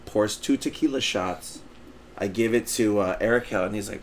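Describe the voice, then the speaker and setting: A man with a fairly low voice tells a rambling, animated story on a casual podcast, slipping into quoted voices and swearing as he goes. A faint hum of background ambience sits under his voice. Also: a little fast. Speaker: podcast co-host.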